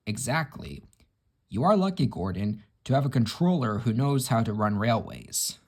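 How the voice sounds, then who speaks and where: A man's voice: mid-range voice, big pitch swings, normal speed, slight background noise. A man voicing a gracious, famous express engine. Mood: kindly.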